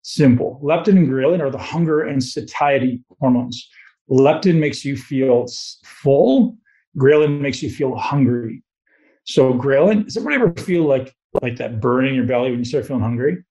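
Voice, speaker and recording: A man's voice: mid-range voice, normal speed, mellow. Blunt, profane man coaching a group. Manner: blunt, profane, motivational, asks the room questions. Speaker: host giving a talk on fat loss. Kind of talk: live coaching talk to a group.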